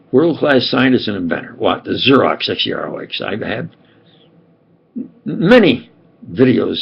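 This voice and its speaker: A man's voice: mid-range voice, vocal fry, slightly rough, highs cut off. An older man from New York with a New York accent, rambling emphatically and repeating himself in a home monologue. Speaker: self-styled scientist and preacher.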